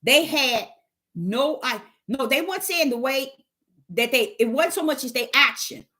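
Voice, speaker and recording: A woman's voice: high-pitched, animated, measured pace, sharp tone. A woman teaching the Bible on a livestream, emphatic and repetitive, firing rhetorical questions at her chat.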